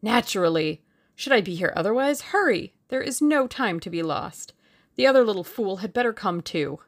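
Woman doing a panicky man, high strained voice, loud, gravelly edge, frantic and urgent. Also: animated, moderate pace. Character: panicked Russian man, a traitor in terror.

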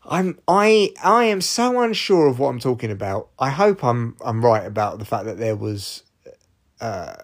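A man's voice: mid-range voice, very animated, a little slow. A man in his forties hosting a solo podcast, rambling, self-deprecating and swearing freely. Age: 40s. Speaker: podcast host. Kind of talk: casual solo podcast monologue.

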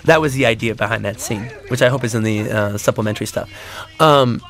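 A man's voice: mid-range voice, fairly quick, a bit bright. A man giving a casual audio commentary on a film, rambling with many fillers and restarts and acting out audience reactions in a raised voice.

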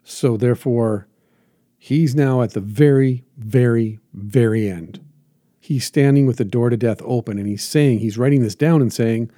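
A man's voice: medium pitch, unhurried, warm tone, dry recording, clean studio sound. A man hosting a reflective motivational monologue as a jiu-jitsu teacher, earnest and emphatic with lots of repetition.

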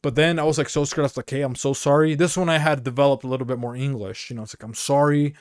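A man's voice: mid-range voice, racing, no echo. Casual male podcast storyteller from Mexico, rambling comic delivery, dead-dry room. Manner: rambling, peppers talk with "dude" and "you know". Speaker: podcast co-host.

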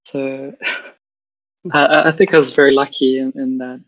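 A woman's voice: a bass voice, level tone, moderate pace, lo-fi sound. A trans woman from South Africa with a South African accent, chatting casually and hesitantly, with many fillers and restarts. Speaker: guest. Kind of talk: casual chat. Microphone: video call.

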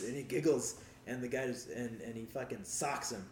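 A man's voice: medium pitch, brisk, a little mellow, slight background noise. A man casually telling a rambling, profane story, laughing as he goes. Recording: roomy sound with faint background ambience.

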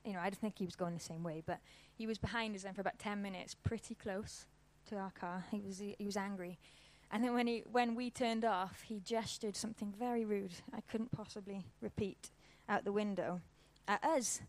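A woman's voice: medium pitch, fairly even intonation, fairly quick, few pauses. A woman, giving an informal church talk and telling a personal story in a casual, conversational way. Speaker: church speaker.

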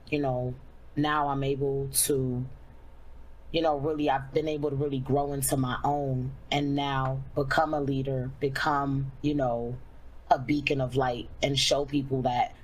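A young adult woman, a streamer, telling a personal story candidly in a casual way, full of fillers and slowing down when she reflects. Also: extremely low pitch, rough recording.

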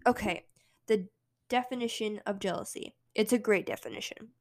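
A woman's voice: mid-range voice, normal speed. A young woman talking casually and emphatically on her solo podcast, encouraging herself and her listeners. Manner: chatty, emphatic, self-encouraging. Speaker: podcast host.

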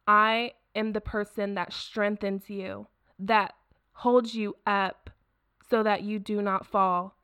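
A woman's voice: mid-range voice, a bit bright, clean tone, no echo. A woman hosting a Bible study podcast, reading scripture aloud and speaking earnestly and encouragingly, repeating phrases for emphasis. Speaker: podcast host.

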